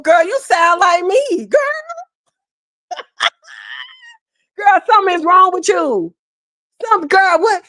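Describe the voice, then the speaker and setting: A woman giving sassy, animated gossip commentary, talking straight to her audience and calling them "girl" and "honey". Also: high-pitched, dry recording, studio quality. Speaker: commentary host.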